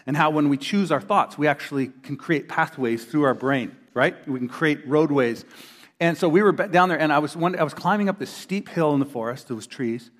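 A middle-aged man preaching a sermon to a congregation in a church hall, an animated storyteller who acts out the voices of the people he quotes. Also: fairly high pitch, a little fast. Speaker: pastor. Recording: long reverb of a large hall.

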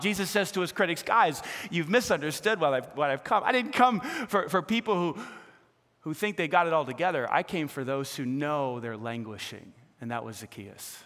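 Man, pastor, lively sermon, acts out quotes, slightly high voice, long hall reverb. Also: normal speed. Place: church sanctuary.

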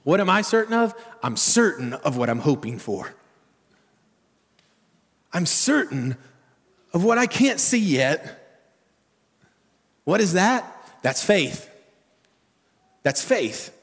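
A man's voice: high voice, big pitch swings, takes it slowly, pauses often. A male pastor preaching a sermon in a conversational way, full of rhetorical questions, in a church sanctuary. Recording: long church-hall reverb.

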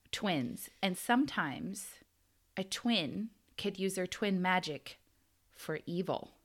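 An American woman co-hosts a podcast, telling a story in casual chat and giggling often. Her voice is lowish and animated, and she speaks at a slow pace.

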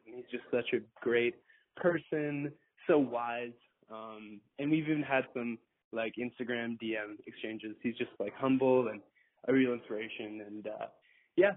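Male caller, earnest and rambling, phone-line voicemail sound. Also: medium pitch. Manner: earnest, rambling, lots of fillers.

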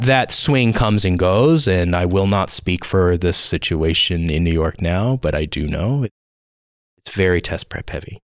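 A man's voice: sits low, no room sound, studio quality. A man guest on a podcast, talking in a thoughtful way with frequent restarts and emphatic repeats. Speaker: education guest speaker. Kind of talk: conversational podcast interview.

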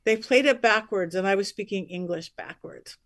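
A woman, a psychic medium guest on a podcast, telling stories in a lively, chatty way and acting out the voices of the people in them. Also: medium pitch, normal speed, dry recording, clean studio sound. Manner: lively, acts out quoted voices, chatty asides. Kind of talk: animated storytelling on a podcast.

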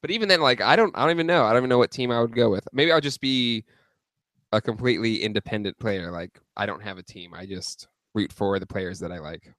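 A man's voice: lowish voice, quick pace, fairly bright tone, no room sound. Hesitant, earnest man on a dry mic. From San Diego. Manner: earnest, hesitant, many likes and ums. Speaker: podcast co-host. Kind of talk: casual sports chat.

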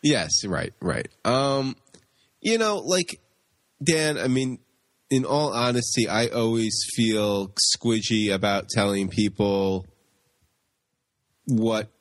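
A man's voice: on the low side, lively intonation, takes it slowly, pauses often, no echo. A man from Long Island co-hosting a comics podcast, chatting casually and often stumbling over repeated words. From Long Island, New York. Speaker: podcast co-host. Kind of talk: casual chat.

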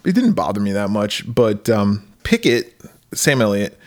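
A man's voice: fairly low pitch, very animated, moderate pace. A man co-hosting a podcast in casual chat, laughing often and swearing freely as he talks. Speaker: podcast co-host.

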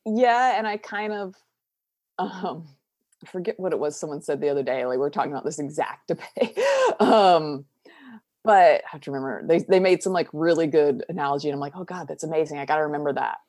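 A woman from the southern United States speaks with a Southern accent in a relaxed podcast chat. Her voice sits a little low, and she is candid, laughs easily and lets sentences trail off. The sound is close and dry. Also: brisk, dry recording. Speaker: guest. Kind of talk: casual podcast conversation.

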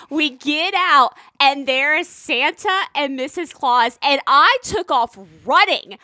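A bubbly woman with a high, bright voice tells a story full of excitement. Her voice is recorded close and dry. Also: normal speed, few pauses, no room sound. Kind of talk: casual chat.

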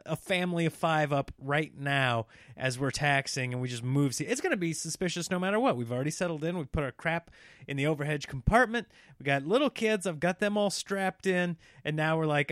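A man in his thirties tells a story in a loose, chatty way, animated and quick to act out the people in it. His voice sits a touch high for a man. The sound is dry and close, with no room around it. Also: no room sound. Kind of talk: casual storytelling.

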